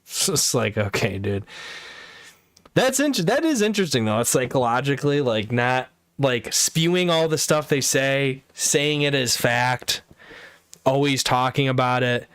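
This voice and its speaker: A man's voice: medium pitch, a bit bright, clear, resonant tone, no echo, clean studio sound. A man streaming live, chatting casually in a rambling, profane way full of fillers and restarts. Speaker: livestreamer. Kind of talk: casual chat.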